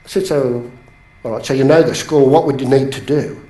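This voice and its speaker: A man coaching a seated audience in a motivational bootcamp talk, telling stories with sudden rises in pitch for emphasis. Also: brisk. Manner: animated storytelling, pitch jumps up for emphasis. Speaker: business coach. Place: training room with a live audience. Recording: echoey room.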